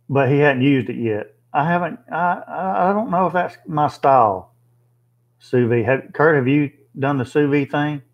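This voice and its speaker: A man's voice: medium pitch, dull audio. A man hosting a casual livestream, chatting plainly with viewers and thinking aloud with fillers. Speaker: livestream host. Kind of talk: casual live chat reading viewer comments.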